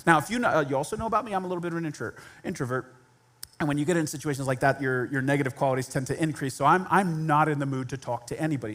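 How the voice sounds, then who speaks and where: A male pastor telling a personal story in a conversational sermon, self-deprecating and laughing at himself. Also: on the high side.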